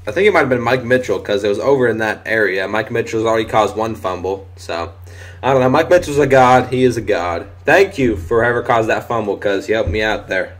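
A young man talks through a football video game as he plays it, in a mid-range voice. He swears freely and jumps into shouts at fumbles and touchdowns. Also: medium pitch. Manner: excitable, swears often, shouts at big plays. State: voice briefly giving out. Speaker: gaming commentator. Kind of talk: live gameplay commentary.

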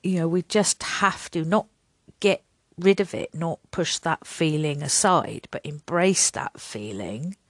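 An older woman with a lowish voice chats her way through a solo podcast, rambling and laughing at herself as she acts out little back-and-forths. She is recorded close and dry, with no room sound around her. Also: a little slow, no echo. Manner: rambling, self-deprecating, laughs often, acts out little dialogues. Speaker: podcast host.

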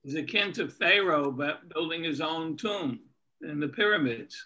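A man's voice: a little high, lively intonation, moderate pace, bright, forceful tone, rough recording. A man taking part in a class discussion, eagerly making a point. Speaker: class participant.

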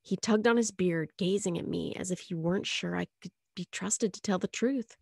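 A woman reading a novel aloud chapter by chapter in an expressive storytelling manner. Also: fairly low pitch, moderate pace, vocal fry, breathy edge, dry recording, studio quality. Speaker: audiobook reader.

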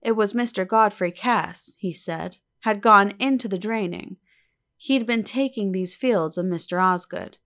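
A woman voicing a gentle, tender old village weaver who speaks slowly in a rustic way. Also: mid-range voice. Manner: slow, soft and rustic.

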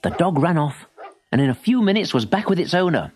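Animated male storybook narrator. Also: fairly high pitch, brisk. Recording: story tape with music.

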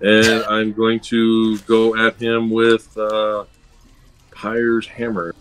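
A man's voice: fairly low pitch, completely flat delivery, very slow, a bit bright. A man playing a tabletop game, talking in a brash, joking way. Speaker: player. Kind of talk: casual tabletop game chat.

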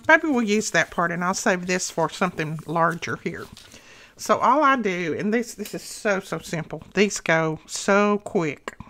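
A woman's voice: fairly low pitch, a bit bright. Chatty woman demoing crafts. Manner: chatty, talks to viewers while working. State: out of breath. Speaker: craft channel host. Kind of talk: casual craft tutorial.

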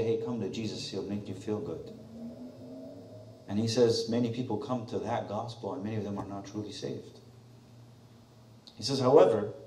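Man, preacher, low voice, sermon, rhetorical questions, distant mic, echoey church. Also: darkish tone. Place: church sanctuary.

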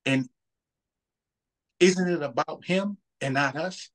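A man's voice: a little high, slow, fairly bright tone. A man, talking about faith in a casual, earnest way and often repeating words as he thinks. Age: 30s.

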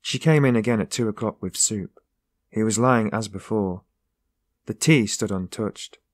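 A man reading a classic novel aloud in a measured, even narration. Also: fairly low pitch, no room sound, studio quality. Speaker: audiobook narrator. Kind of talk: scripted narration.

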